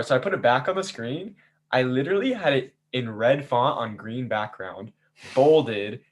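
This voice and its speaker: A man hosting a casual after-show chat, telling a season's story in an animated way and acting out players' lines. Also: mid-range voice, moderate pace. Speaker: game host recapping a season.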